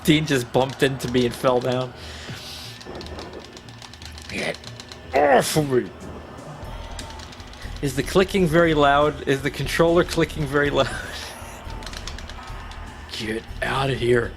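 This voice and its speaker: A man streaming a wrestling video game, reacting loudly and swearing as he plays. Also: medium pitch, moderate pace, over music. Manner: excitable, swearing, trash-talking the game. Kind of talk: profane live gameplay commentary.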